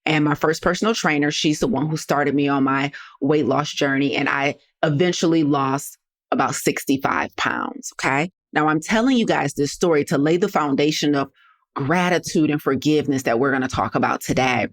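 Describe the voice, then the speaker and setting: This is a solo motivational podcast from a woman who hosts the show and works as a health coach. Her voice is low-pitched and her pace normal, and she lectures listeners in a sassy, direct way.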